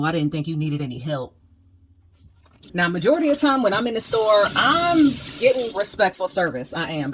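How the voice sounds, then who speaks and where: A woman hosting a DIY channel, telling stories and chatting to camera at home in a candid, animated, slangy way, cheering her viewers on. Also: mid-range voice. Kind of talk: casual storytime chat to camera. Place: at home, moving between rooms.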